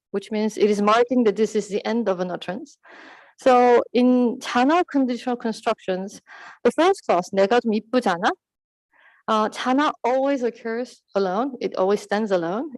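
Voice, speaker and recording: Woman lecturing at a conference, kinda high voice, dead dry sound, lots of um and uh. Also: darkish tone, dry recording, low-quality recording. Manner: explanatory, with fillers and self-corrections. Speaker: conference presenter. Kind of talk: academic conference presentation.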